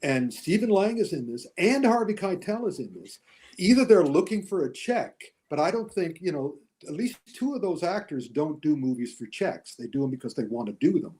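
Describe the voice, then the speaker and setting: A man's voice: a little high, very animated, moderate pace, warm tone. A man as a podcast guest giving his views in casual chat, talking in a chatty, reflective way with restarts and chuckles. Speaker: podcast guest, author and film critic.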